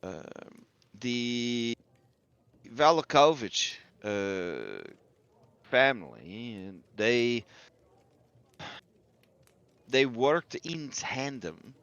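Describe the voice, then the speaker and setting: A man voicing a wary, sober woman who gives grave, deliberate warnings in a tabletop game. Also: medium pitch, sing-song, fairly bright tone, clear, resonant tone, dry recording, dull audio, full character voice. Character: wary older woman innkeeper, sober and measured.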